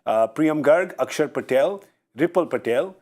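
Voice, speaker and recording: A man's voice: on the high side, expressive, unhurried, darkish tone. A man hosting a pre-match cricket studio show, reading out team news with breezy jokes. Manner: breezy, jokey. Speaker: host.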